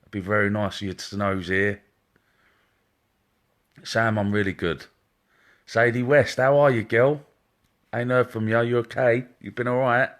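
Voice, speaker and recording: A man's voice: mid-range voice, fairly even intonation, moderate pace, pauses often, a bit bright. A man hosting a live stream as a psychic medium, chatting casually and greeting viewers one by one by name in a chummy way. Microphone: wearing headphones.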